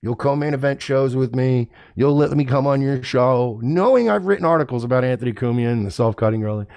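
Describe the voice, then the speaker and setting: A man's voice: medium pitch, brisk, darkish tone, dry recording, studio quality. A man hosting a podcast, ranting casually and indignantly with plenty of profanity. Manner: profane, indignant, mocks others in put-on voices. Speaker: podcast host. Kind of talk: casual rant to camera.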